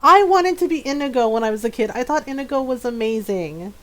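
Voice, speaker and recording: A woman streaming a game and chatting casually with viewers, bubbly and talkative and quick to laugh. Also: high voice, expressive. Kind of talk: casual gameplay chat.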